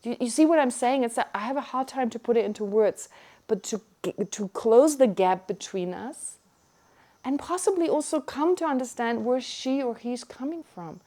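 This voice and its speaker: A middle-aged woman from Germany, giving a Buddhist teaching and telling a personal story in an animated way with frequent restarts. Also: fairly high pitch, moderate pace. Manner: animated, restarts often, acts out her own shock.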